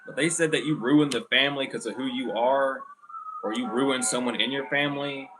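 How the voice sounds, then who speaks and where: Young male tarot reader, mid-pitched, blunt, profane, rambling delivery. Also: fairly even intonation, brisk, noisy background. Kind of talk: casual tarot reading.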